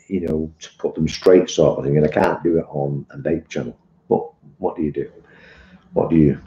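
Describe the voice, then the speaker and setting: A man's voice: sits low, dark tone. Chatty British man, rambling live stream. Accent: British English. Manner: rambling, chatty, addresses viewers as "mate". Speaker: vape reviewer and live streamer. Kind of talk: casual live-stream chat. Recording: muffled, echoey room.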